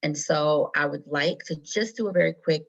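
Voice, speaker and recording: A low-voiced woman leads an online wellness workshop. She talks casually and reassuringly, full of fillers. Her computer mic sounds a bit dull. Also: normal speed, gravelly. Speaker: teacher running a wellness workshop. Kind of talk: online presentation.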